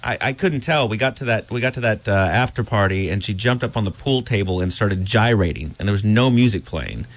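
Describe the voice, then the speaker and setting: A man's voice: on the low side, animated, fairly quick, hardly any pauses, no echo. A male radio host asking wry, teasing questions in casual studio chat.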